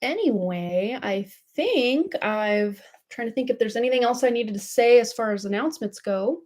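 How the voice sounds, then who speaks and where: A woman's voice: a little high, lively intonation, normal speed, darkish tone. A woman giving live tarot readings on a livestream, chatty and gushing, full of fillers and little laughs. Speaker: tarot reader. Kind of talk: casual livestream chat.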